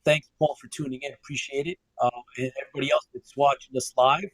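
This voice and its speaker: An upbeat man hosts a live broadcast, calling out viewers by name and laughing easily. His voice sits at an ordinary middle pitch for a man. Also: little pitch movement, fast talker, husky, dry recording, poor audio. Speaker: host.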